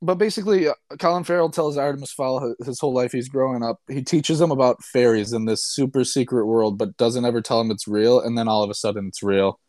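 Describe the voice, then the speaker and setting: A man's voice: medium pitch, quick pace, hardly any pauses, a little mellow, dry recording, studio quality. A young man casually and sarcastically recapping a movie he disliked, rambling and swearing as a podcast co-host. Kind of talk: casual chat.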